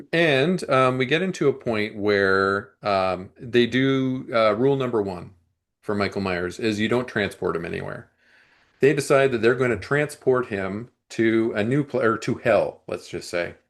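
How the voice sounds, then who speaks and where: A man co-hosting a movie review podcast, talking casually and at length, often clearing his throat and restarting his sentences. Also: mid-range voice, unhurried.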